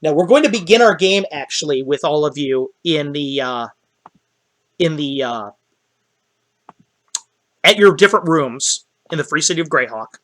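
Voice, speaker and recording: A man's voice: on the high side, lively intonation, normal speed, long pauses, fairly bright tone. A man narrating a tabletop game as dungeon master, rambling with many fillers.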